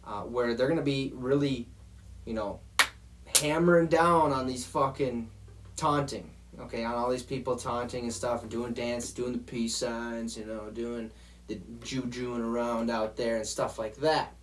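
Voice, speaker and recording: A man's voice: mid-range voice, fairly even intonation, measured pace, slight background noise. Profane, exasperated man hosting a football show. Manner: profane, exasperated, talks straight to viewers. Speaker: sports show host. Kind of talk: heated football rant.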